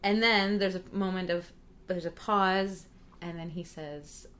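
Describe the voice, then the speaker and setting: A woman's voice: lowish voice, fairly even intonation, measured pace, a bit bright. A woman co-hosting a podcast, chatting casually and laughing often as she retells TV scenes. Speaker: podcast co-host. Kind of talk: casual chat recapping a TV show.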